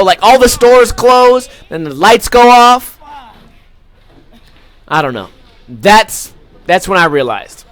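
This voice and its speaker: Here's a young man from Las Vegas, high-voiced and fairly bright, recorded dry, hosting a podcast. He launches into a profane, overblown comedic rant about food, leaning heavily on fillers.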